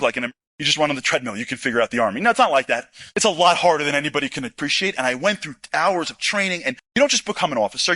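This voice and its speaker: A fast-talking man telling an animated story, his voice bright and forceful. He plays out every exchange, dropping into hushed asides and then shouting the excited lines, and his speech is full of "like" and "you know." The sound is dry and close, with hardly any room on it. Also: mid-range voice, dry recording. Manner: acts out dialogue, jumping between hushed asides and excited shouting; conversational, with frequent "like" and "you know". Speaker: inspirational speaker.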